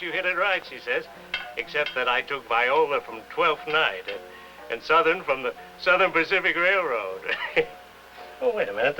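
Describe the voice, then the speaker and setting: An actor playing a gruff older doorman at a rehearsal hall, blunt and folksy, in a 1950s television drama. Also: fairly high pitch, sharp tone. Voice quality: folksy, blunt, ungrammatical talk.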